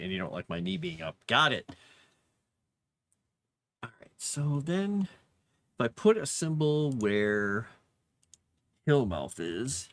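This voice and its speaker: A man's voice: on the low side, a bit bright. A man casually chatting while building a fantasy map, muttering to himself and cooing at his cat. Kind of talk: casual livestream chat while working.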